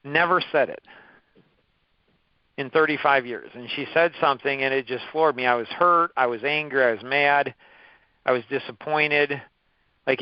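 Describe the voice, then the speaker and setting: A course leader in his fifties, with a mid-range voice, shares personal stories in a motivational talk. He is emphatic and repetitive and often restarts his phrases, and the recording is dry and muffled.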